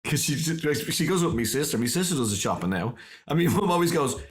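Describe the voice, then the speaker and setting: A middle-aged Irish man, a comedian guest, telling animated stories and acting out the people in them. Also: a little high, quick pace. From Ireland. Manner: acts out voices and quotes in his stories, laughs often. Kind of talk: animated anecdotal storytelling.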